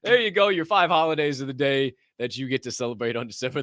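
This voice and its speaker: A man's voice: mid-range voice, animated, fast talker, a bit bright, no room sound, studio quality. A man hosting a podcast, joking and swearing casually, laughing at his own bits. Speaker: podcast host. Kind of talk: casual chat.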